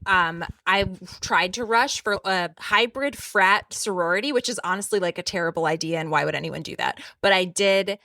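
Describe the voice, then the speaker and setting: A woman's voice: mid-range voice, normal speed, hardly any pauses, sharp tone, no room sound, distant mic. A woman in her thirties co-hosting a podcast, chatty and laughing often as she goes off on tangents. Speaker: podcast co-host. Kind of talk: casual chat.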